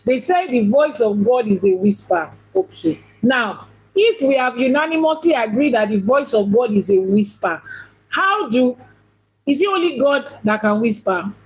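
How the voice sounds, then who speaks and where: A woman's voice: a little high, animated, normal speed, husky, low-quality recording. A woman, a priestess and teacher, giving a teaching talk on religion. She asks questions, repeats points for emphasis and now and then mimics other people.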